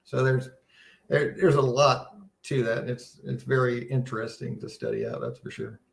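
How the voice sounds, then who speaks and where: A man's voice: mid-range voice, huge pitch swings, normal speed, creaky. Earnest man teaching in an echoey room. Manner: earnest, wondering, conversational teaching with frequent restarts. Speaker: seminar presenter. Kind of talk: casual live-stream Bible seminar talk.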